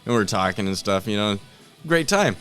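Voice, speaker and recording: Lower-voiced man, blunt and sweary. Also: animated, a little fast, a bit bright, faint music behind. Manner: blunt, swears a lot, says "dude" often. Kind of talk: casual chat.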